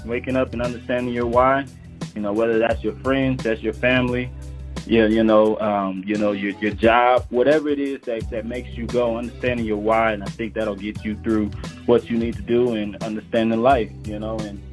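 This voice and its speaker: A man's voice: lowish voice, steady tone, moderate pace, faint music behind. A male guest panelist speaking in a casual, loose way with plenty of fillers.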